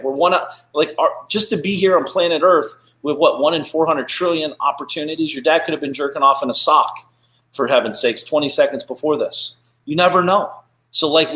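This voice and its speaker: A man's voice: a little high, a bit bright. A man hosting a live show, giving an earnest, emphatic motivational talk and repeating his phrases for weight. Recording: roomy echo.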